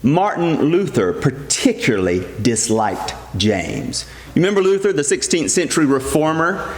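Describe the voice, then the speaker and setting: A middle-aged man delivers a sermon with earnest emphasis, leaning on repeated phrases. His voice sits a little high for a man. It rings out through a church with long, roomy reverb. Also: very animated, moderate pace. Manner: earnest, emphatic preaching with repetition. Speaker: priest.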